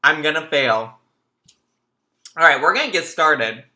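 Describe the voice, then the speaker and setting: Bright, chatty man hosting a livestream. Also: on the high side, a little slow. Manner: chatty, animated storytelling, addresses viewers as y'all. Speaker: livestream host. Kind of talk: casual reaction commentary.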